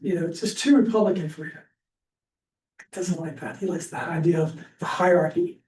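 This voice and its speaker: Man giving a rambling church history class, high mellow voice, distant mic, echoey room. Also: slight background noise. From Pennsylvania. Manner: chatty, rambling, with many fillers and restarts. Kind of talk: informal history lecture.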